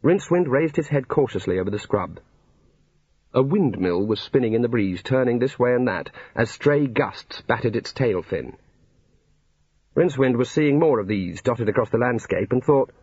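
A man's voice: medium pitch, darkish tone, husky, dry recording. A man narrating a comic fantasy novel in a dry storytelling manner. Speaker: audiobook narrator. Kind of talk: scripted narration. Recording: dull lo-fi recording.

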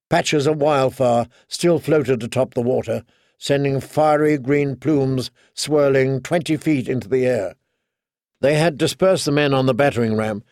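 A man narrating an audiobook in steady, dramatic storytelling. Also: mid-range voice, dry recording, studio quality. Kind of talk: scripted narration.

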